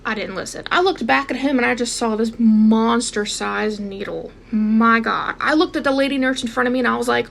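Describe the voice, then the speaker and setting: A young woman telling a personal story in a casual, animated way, speaking straight to her viewers and acting out what people said. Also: on the high side, brisk, creaky, few pauses. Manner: animated, addresses viewers directly, acts out quotes.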